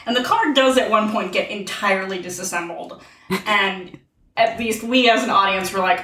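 A woman's voice: mid-range voice, animated, normal speed, bright, forceful tone, a little hiss or hum. Woman podcast cohost, chatty, sounds a bit far off the mic in a roomy space. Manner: chatty, retells scenes with quoted lines. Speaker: podcast co-host. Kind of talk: casual chat.

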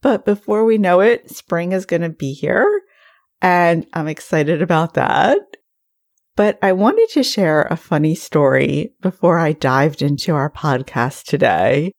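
A woman in her forties hosting a solo podcast, telling stories in a warm, chatty way. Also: fairly low pitch, animated, measured pace. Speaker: podcast host. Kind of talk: casual solo podcast talk.

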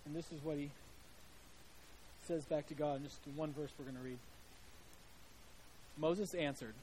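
A man's voice: on the high side, steady tone, normal speed, long pauses, darkish tone, a little hiss or hum, poor audio. A male preacher giving a sermon in a conversational storytelling way, with frequent restarts.

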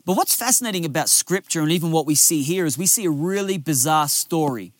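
A man's voice: on the high side, lively intonation, fairly quick, no echo. A man, a lead pastor giving a sermon outdoors by a lake, in an earnest, conversational storytelling way.

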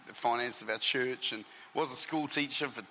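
Pastor guy telling stories, super bright voice, lots of restarts, echoey hall. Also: mid-range voice, moderate pace, slight background noise. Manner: lively storyteller, restarts and repeats words. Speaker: traveling preacher and senior pastor. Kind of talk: interview guest telling stories.

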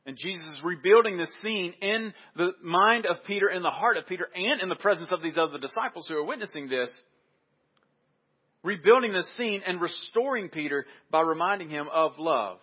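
A man delivers a sermon with emphasis, hammering home his points by repeating them. His voice sits a little high and sounds husky. The recording is dull and lo-fi. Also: animated, brisk. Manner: emphatic, repeats key phrases. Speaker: preacher.

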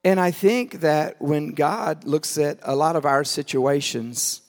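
A man preaching a sermon, telling the story with animated acted-out voices, swinging from shouts to quiet asides. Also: slow pace, long reverb tail. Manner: animated storytelling, acting out voices, shouting then dropping low. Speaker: pastor.

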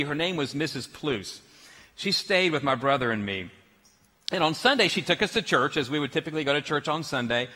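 A man's voice: fairly high pitch, in a large hall. A man preaching a sermon as pastor, telling stories with laughs. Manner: storytelling, animated with laughs.

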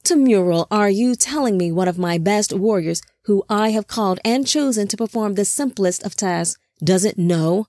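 A woman's voice: medium pitch, normal speed, few pauses, dark tone, no echo, clean studio sound, natural voice. A woman reading the part of a smug, cruel male angel leader who mocks and commands his soldiers. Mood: mocking. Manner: mocking, commanding.

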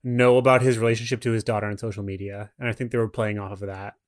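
This young man co-hosts a casual film podcast, reviewing movies in an easygoing way, chuckling often and using lots of fillers. His pitch is fairly low and his delivery flat, though he talks quickly.

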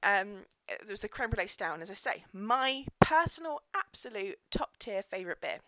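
A woman's voice: mid-range voice, very animated, normal speed, sharp tone, no echo, low-quality recording. Woman, pregnant podcast host, casual ranting chat, laughing, dead dry recording. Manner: ranting, laughs often, swears. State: pregnant, pulling away from mic. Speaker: podcast host, pub landlady. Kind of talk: casual solo podcast monologue. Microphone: podcast microphone, dry close sound.

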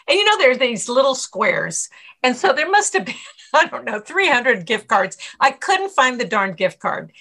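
A middle-aged woman, a stress coach, answering interview questions and telling lively anecdotes in which she acts out her own inner voice. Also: on the high side. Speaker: author and stress coach guest.

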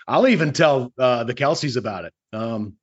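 A man's voice: mid-range voice, lively intonation, slightly rough. A middle-aged man, a longtime radio host, chatting casually and often repeating words as he tells stories. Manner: halting, repeats words, storytelling. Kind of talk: casual chat. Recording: dull lo-fi sound.

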